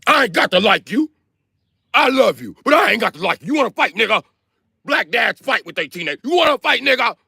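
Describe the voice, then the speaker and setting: A man voicing a hot-tempered father who shouts threats at his teenage son. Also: very high-pitched, big pitch swings, a little fast, vocal fry, husky, no echo, clean studio sound, voice pushed up, heavily acted. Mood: threatening. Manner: shouting, confrontational.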